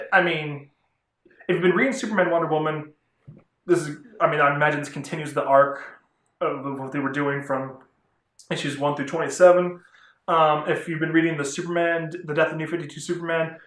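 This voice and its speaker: A man's voice: a little high, a bit bright. A man rambling through a casual vlog review of comic books, chatty and often correcting himself. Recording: roomy echo.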